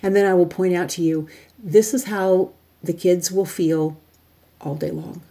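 A woman's voice: lowish voice, fairly even intonation, a little slow, mellow. A woman presenting a teacher workshop, chatting her listeners through a hands-on exercise step by step. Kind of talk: instructional talk.

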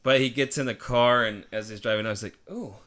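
A man's voice: mid-range voice, fairly even intonation, fast talker, fairly bright tone. A man chatting casually, rambling with many fillers and restarts as he retells TV scenes. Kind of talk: casual chat.

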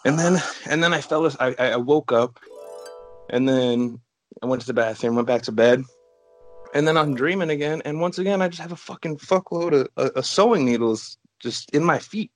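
A man's voice: on the high side, moderate pace, faint music behind. A man co-hosting a casual podcast, talking in a laid-back way with lots of "like" and frequent swearing. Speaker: podcast co-host. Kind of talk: casual chat.

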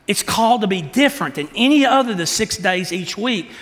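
A man preaching a sermon, asking the congregation rhetorical questions and acting out quotes with animated delivery. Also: high-pitched, a little fast, big-room sound. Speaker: pastor.

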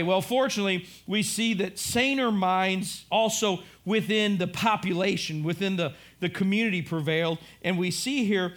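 A man preaching a sermon, telling the story in an animated way, acting out voices and rising to shouts. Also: high voice, moderate pace, few pauses. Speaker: pastor.

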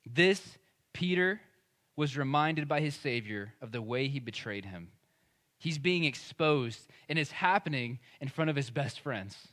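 A man's voice: medium pitch, animated, measured pace, a bit bright. A man, preaching a sermon as pastor in a conversational, emphatic way. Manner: conversational and emphatic, acting out quoted speech.

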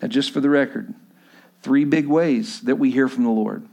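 A man's voice: medium pitch, normal speed, gravelly, warm tone. A man preaching a sermon with emphasis, often repeating his key lines for the congregation. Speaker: pastor.

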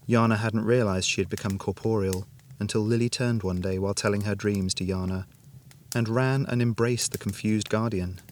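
A man reading a fantasy story aloud as narrator, in a steady, measured way. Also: on the low side, slight background noise. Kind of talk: scripted narration.

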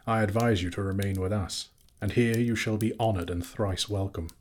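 A man voicing a regal, wise elf king who speaks formally and with measured calm. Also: lowish voice, slight background noise, close to an everyday voice. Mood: stately.

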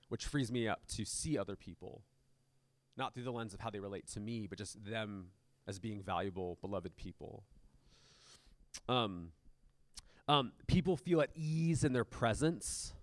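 A man's voice: on the low side, measured pace, pauses often, no room sound. A man preaching a conversational sermon as pastor of a church, with many fillers and restarts.

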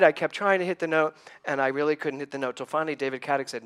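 A man in his sixties speaks from the pulpit in an earnest, storytelling way, turning to his listeners with questions. His voice sits at an ordinary middle pitch and carries a slight emotional edge. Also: steady tone, fast, a bit bright, clean tone. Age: 60s. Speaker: church speaker. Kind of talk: conversational sermon.

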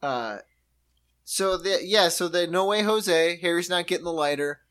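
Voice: medium pitch, normal speed. A podcast co-host chatting casually, retelling a sitcom scene with mimicked voices. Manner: lively retelling with mimicked accents and quotes. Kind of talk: casual chat recapping a sitcom episode.

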